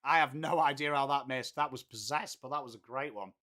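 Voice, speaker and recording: A man's voice: medium pitch, fairly quick, sharp tone. A man hosting a live cricket watchalong, chatting crudely with his chat and trading banter. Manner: crude, banter-heavy, reads chat aloud. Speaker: live stream host. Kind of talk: casual cricket watchalong commentary.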